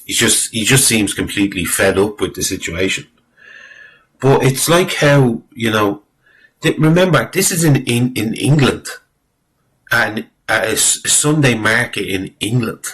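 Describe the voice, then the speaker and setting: Gravelly-voiced man commentating. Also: mid-range voice, lively intonation, unhurried, a bit bright, rough recording. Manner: rambling, exasperated, swears freely, many fillers. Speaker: video commentator. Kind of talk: casual spoken commentary on a video clip.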